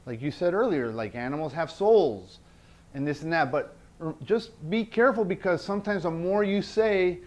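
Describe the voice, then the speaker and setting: A man's voice: a little high, lively intonation, normal speed, a little mellow. A man presenting a workshop indoors, earnest, repeating key phrases and checking in with the group. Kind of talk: teaching a workshop. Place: indoor event space.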